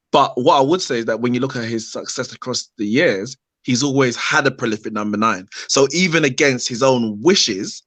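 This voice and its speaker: A man on a casual football chat panel, reasoning through his point in a measured way. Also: medium pitch, fairly bright tone.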